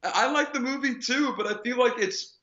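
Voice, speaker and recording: A man's voice: very high-pitched, brisk. Joking podcast co-host man, muffled sound. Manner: animated, joking, speeds up when excited. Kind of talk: casual chat. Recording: dull lo-fi podcast audio.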